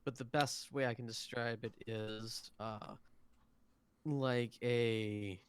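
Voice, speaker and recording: A man voicing an alien medical attendant in a tabletop game, speaking haltingly as he searches for words. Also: medium pitch, steady tone, clean tone, no echo, close to an everyday voice. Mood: searching.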